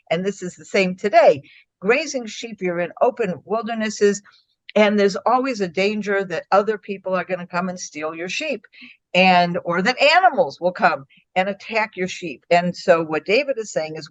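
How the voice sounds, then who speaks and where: A woman's voice: medium pitch, moderate pace, dry recording. A woman teaches a Bible study, talking through the story with plenty of fillers and restarts. Her voice rises and falls widely as she acts out what each person says. The sound is dry and a little muffled. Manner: animated, acts out quoted speech, many fillers and restarts.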